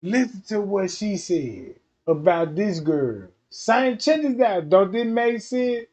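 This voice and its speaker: A man's voice: high voice, lively intonation, slow, a little mellow. A man hosting a livestream, talking in a rambling, emphatic, slangy way in casual commentary. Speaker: streamer host. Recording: dull lo-fi stream audio.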